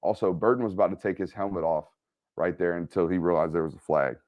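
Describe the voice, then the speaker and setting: A man hosting an energetic game film breakdown. He keeps checking in with "right?" and "okay?". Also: sits low, fast talker, muffled recording. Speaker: football film analyst and host.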